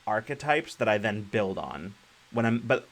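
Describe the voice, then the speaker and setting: A man's voice: on the low side, sing-song, moderate pace, rough recording. Rambling man co-hosting a tabletop chat. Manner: rambling, self-correcting, laughs easily. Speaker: podcast co-host and game master. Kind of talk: casual live-stream chat.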